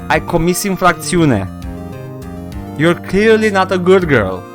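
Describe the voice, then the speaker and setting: A man doing a shrill, bratty young woman witness. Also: very animated, measured pace, faint music behind. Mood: smug. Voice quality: high, pouting, sing-song. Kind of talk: reading game dialogue aloud on stream.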